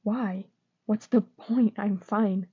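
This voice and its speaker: A woman reading the lines of a troubled, self-blaming teenage boy wizard in a quiet, flat way. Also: mid-range voice, slow, slightly rough. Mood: guarded. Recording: dull lo-fi recording.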